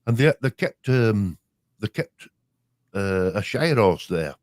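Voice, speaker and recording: A man's voice: lowish voice, sing-song, slow pace, darkish tone, dry recording, clean studio sound. An older man with a Yorkshire accent, rambling through broad-dialect memories in casual chat as a show's co-host. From Yorkshire, England. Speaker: podcast co-host.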